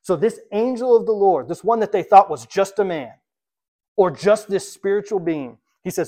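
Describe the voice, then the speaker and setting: A male pastor delivers a sermon, retelling scripture in an animated storytelling way. His voice sits a bit high for a man. He pushes some lines out loud and then drops to a near hush for the next. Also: moderate pace. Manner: emphatic, animated storytelling with swings in loudness.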